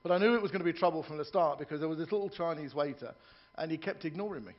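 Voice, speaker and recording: Stand-up comedian on a ship's stage. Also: male voice, fairly high pitch, rapid-fire, lo-fi sound. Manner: joke-telling with voiced characters and asides to the audience. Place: ship's theatre lounge.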